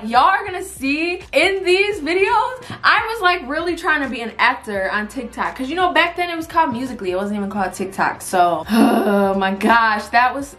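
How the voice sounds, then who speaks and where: Chatty young woman with a lively voice. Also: fairly high pitch. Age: 20s. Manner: chatty, laughs a lot, swears freely, lots of fillers. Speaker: vlogger reacting to old videos. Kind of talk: casual chat to camera.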